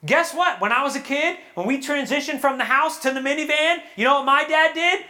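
Bright-voiced man preaching earnestly. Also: very high-pitched, brisk. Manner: earnest, animated, acts out quotes and prayers. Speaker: speaker at a young adult retreat. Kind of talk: sermon. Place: hall with a live audience.

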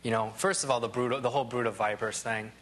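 A man's voice: mid-range voice, steady tone, fast talker, fairly bright tone. Rambling, conversational male Bible teacher. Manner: rambling, full of "you know" asides and restarts.

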